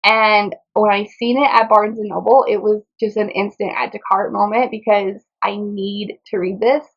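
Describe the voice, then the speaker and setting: A woman's voice: medium pitch, little pitch movement, normal speed, highs cut off. A woman chatting casually through a book haul in a rambling way, often tripping over titles and author names. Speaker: book vlogger.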